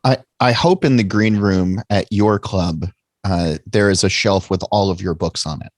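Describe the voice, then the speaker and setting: A man's voice: sits low, moderate pace, no echo. A man hosting a podcast interview, playful and encouraging in casual chat. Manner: playful, encouraging back-channel. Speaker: podcast host.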